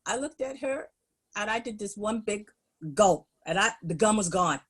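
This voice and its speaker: A middle-aged woman, a podcast guest, telling school stories in an animated, laughing way. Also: mid-range voice, normal speed, breathy edge. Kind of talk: storytelling in a podcast interview.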